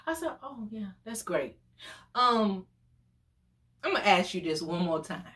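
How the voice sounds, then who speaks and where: A woman in her forties tells a story in a relaxed, unhurried way. Her pitch leaps and swoops constantly, and she talks with big exclamations and frequent laughs. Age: 40s. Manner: animated, exclamatory, laughs often. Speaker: storytime vlogger. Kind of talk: casual storytelling.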